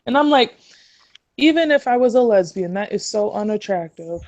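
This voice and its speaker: A woman's voice: medium pitch, animated, moderate pace, darkish tone, no echo. A young woman in college, chatting casually and telling stories on an online panel. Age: young adult. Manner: chatty, storytelling. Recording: dry lo-fi call audio.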